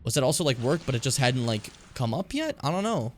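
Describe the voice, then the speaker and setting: Male streamer, mid-pitched voice, casual rambling commentary, light background hiss. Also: sing-song, fast talker. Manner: rambling, chatty, self-deprecating, swears freely. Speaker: game streamer.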